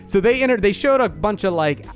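A man hosting a casual sports podcast, telling stories with lively energy and mimicking voices. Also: sits high, fairly quick, faint music behind. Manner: animated storytelling, mimics voices. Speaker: podcast host.

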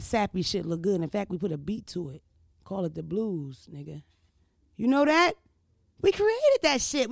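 Profane, animated woman podcast host. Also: medium pitch, vocal fry, no room sound, clean studio sound. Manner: profane, animated storytelling with frequent "you know what I mean?". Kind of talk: casual monologue storytelling.

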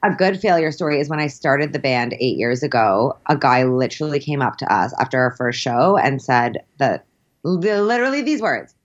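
A woman, a math teacher, chatting casually as an interview guest, quick and animated with lots of "like". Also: rumbling low, dull audio. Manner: quick, animated, peppered with likes.

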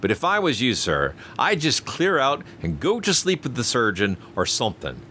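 A man reading an audiobook voices a nervous, servile ship's steward with a rough working-class manner of speech. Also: mid-range voice, huge pitch swings, normal speed, bright, forceful tone, slight background noise, voice pushed up. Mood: pleading.

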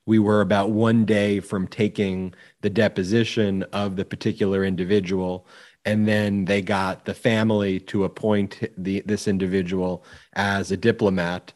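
Man, lowish voice, podcast co-host, hesitant storyteller. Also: flat delivery, moderate pace, a little mellow. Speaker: podcast co-host, civil rights lawyer. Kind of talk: casual legal commentary.

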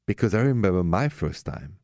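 A man's voice: lowish voice, very animated, fairly quick, no room sound, studio quality. A man with a French accent hosting a radio love-advice show, telling stories and talking frankly with callers. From France. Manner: warm storytelling, direct and frank with callers. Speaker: radio host.

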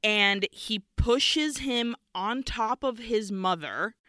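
A woman's voice: fairly high pitch, slow pace, pushed and bright, no echo, studio quality. A woman co-hosting a podcast, retelling a film scene by scene in a candid, casual way. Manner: candid, retelling scenes in detail with nervous laughs. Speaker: podcast co-host. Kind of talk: casual movie recap chat.

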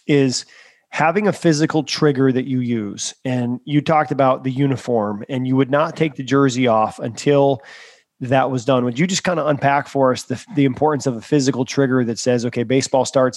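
A man's voice: medium pitch, fairly even intonation, fairly quick, a little mellow, no room sound. Man hosting, affirming. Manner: affirming, then poses long questions. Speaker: host. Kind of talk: interview question.

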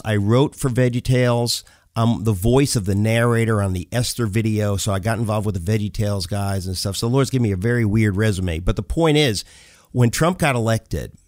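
A middle-aged man, a guest author, telling a funny story in a casual chat, jokey and energetic, acting out the characters as he goes. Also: lowish voice, no echo, studio quality.

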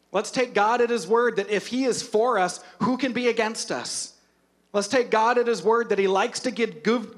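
A man preaching a sermon as a pastor, retelling scripture with humor and lively storytelling. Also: sits high.

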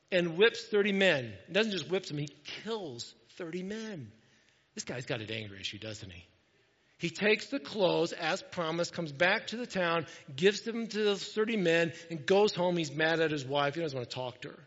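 A man delivers a lively sermon in a high voice, joking with his congregation as he goes. The sound is dull and lo-fi. A long reverb trails each line, as in a large hall. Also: moderate pace. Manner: animated, jokey preaching with asides to the congregation. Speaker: pastor.

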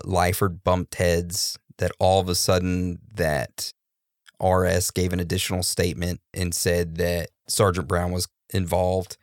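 A man's voice: sits low, gravelly, a little mellow, no room sound, studio quality. A man co-hosting a casual true-crime podcast, laid-back with joking asides. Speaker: podcast co-host.

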